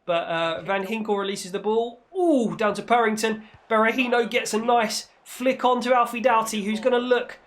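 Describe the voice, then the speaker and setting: A man with a high-pitched voice commentates his own football gameplay for his gaming channel, playful and excitable, bursting into mock-commentator shouts when things heat up. He keeps a moderate pace and barely pauses.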